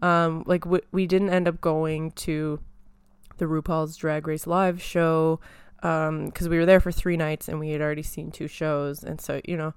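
A woman's voice: low-pitched, little pitch movement, unhurried, clear, resonant tone, dry recording. A young woman hosting a solo podcast from her apartment, chatting casually and rambling with lots of fillers. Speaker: podcast host.

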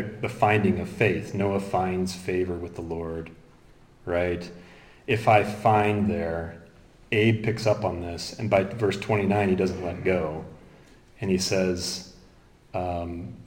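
A man with a fairly low voice preaches an expository sermon. He moves from quick asides to slow, stressed readings of scripture. His voice rings around an echoey room. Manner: expository, animated, quotes scripture.

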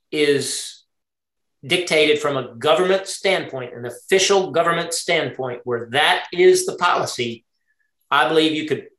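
Man, Bible study teacher, middle pitch, thinking aloud, quizzing his group, echoey room. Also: a bit bright. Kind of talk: interactive Torah study lesson.

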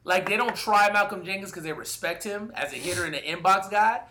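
Male podcast co-host, higher pitch and bright tone, casual profane sports banter. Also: a little fast. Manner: animated, profane, hedging with "like".

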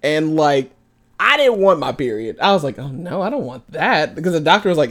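Giggly animated young woman. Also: moderate pace. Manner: giggly, animated, acts out quotes in high voices. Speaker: co-host. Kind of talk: casual movie review chat.

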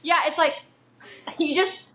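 A woman hosting a casual interview, bubbly and quick to jump in. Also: very high voice, steady tone, a bit bright.

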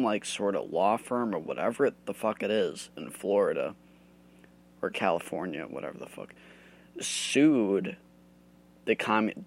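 A man's voice: on the low side, gravelly. A man from the United States hosting a solo podcast, ranting angrily and swearing a lot. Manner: profane, heated ranting. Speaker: host.

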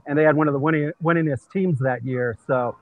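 A male stand-up comedian from California, USA, calls in from a busy comedy venue where people walk around. His voice is fairly high and a little fast, the audio narrow and tinny, as he tells animated, casual anecdotes full of "uh" fillers.

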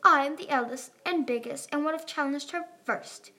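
A woman's voice: a little high, normal speed, a little mellow. A woman voicing a bossy, impatient young female dragon in a storybook reading. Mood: dramatic. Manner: commanding, impatient.

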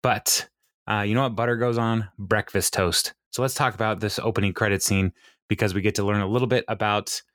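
A man with a low, slightly deep voice co-hosting a fan podcast in easygoing chat. He rambles, restarts his sentences and laughs a lot. The sound is dry and close, with no room around it. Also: fairly even intonation, a little fast, a bit bright, no echo. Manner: chatty and rambling, laughs often. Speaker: podcast co-host. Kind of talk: casual chat.

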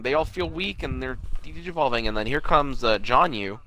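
Male podcast co-host, bright voice, rambling casual recap. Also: medium pitch, expressive, fairly quick, slight background noise, poor audio. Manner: rambling, loose recap with fillers and swearing. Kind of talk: casual chat.

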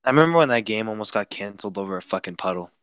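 A young man hosting a podcast, chatting casually and getting excitable, swearing often and shouting when worked up. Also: lowish voice, racing, clean tone, no echo. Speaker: podcast host. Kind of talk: casual chat.

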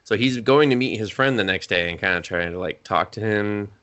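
Casual podcast co-host: man, lowish voice, rambling recaps, pops into high voices for characters. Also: brisk, a bit bright, dull audio. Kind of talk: casual anime review chat.

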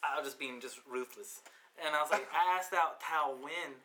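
A man's voice: a little high, normal speed, a loud crowd. A young man in casual chat with friends, telling crude stories full of slang and laughter. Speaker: friend reminiscing.

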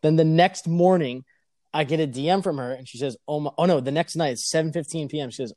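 A man's voice: fairly high pitch, quick pace, warm tone, no room sound, clean studio sound. A young man chatting casually, telling a crude story with frequent laughter. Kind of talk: casual chat.

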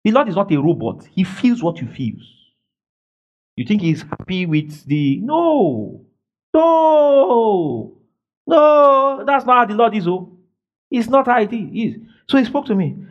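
High, lively preaching man. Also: normal speed, muffled recording. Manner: animated preaching, swings from quiet to shouting. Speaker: pastor. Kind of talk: sermon. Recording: faint music behind.

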